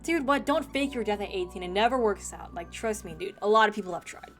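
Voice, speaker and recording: A woman's voice: medium pitch, animated, fast talker, soft background music. A young woman commenting casually on a visual novel, with blunt, slangy reactions. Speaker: gaming commentator.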